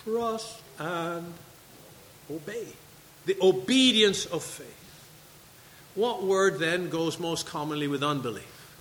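A man's voice: a little high, slow pace, pauses often, fairly bright tone, big-room sound, a little hiss or hum, poor audio. A man preaching a sermon to his congregation, reading scripture and asking questions. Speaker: pastor. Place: church sanctuary.

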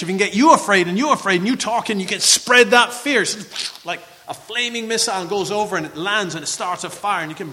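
A man preaching a sermon, animated and acting out the voices of the figures in his text. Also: high voice, big-room sound.

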